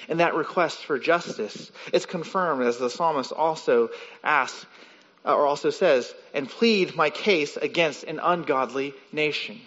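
Male pastor, sermon delivery, bit high-pitched, muffled recording. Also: fairly bright tone. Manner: teaching, acts out story voices with rising pitch. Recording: muffled sound with long hall reverb.

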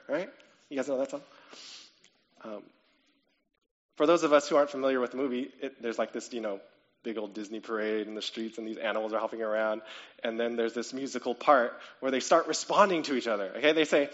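A man's voice: mid-range voice, fairly quick, highs cut off. A man preaching a sermon in a conversational way, often checking in with "okay?" and "right?" and lifting his voice on questions. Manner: animated, rising to excited questions. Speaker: pastor.

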